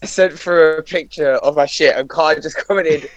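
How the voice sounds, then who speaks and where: A man's voice: fairly high pitch, steady tone, normal speed, lo-fi sound. A young man hosting a casual podcast chat, crude and joking in his banter. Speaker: podcast host.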